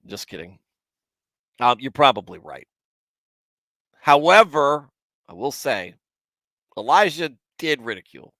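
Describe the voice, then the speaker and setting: Candid and self-deprecating, a Bible commentary host in his forties chats casually with his livestream audience. His medium-pitched voice is expressive, gravelly and fairly bright, a little slow with long pauses, in a dry, clean studio recording.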